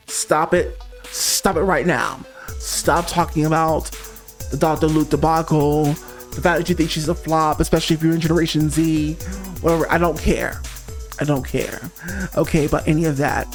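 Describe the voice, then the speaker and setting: A man hosting a pop music review show, talking straight to the viewer in a sassy, emphatic way. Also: on the high side. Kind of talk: casual opinionated monologue.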